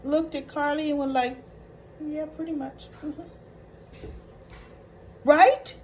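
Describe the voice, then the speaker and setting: A woman's voice: high-pitched, fairly even intonation, slow, a little mellow, dull audio, slight background noise. A woman hosting a soap opera recap, retelling scenes in a chatty, opinionated way.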